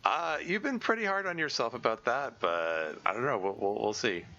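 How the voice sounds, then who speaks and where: A man's voice: medium pitch, expressive, moderate pace, bright, forceful tone, lo-fi sound. A man reading a visual novel aloud with commentary, stammering, repeating words and laughing often. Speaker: let's play gamer.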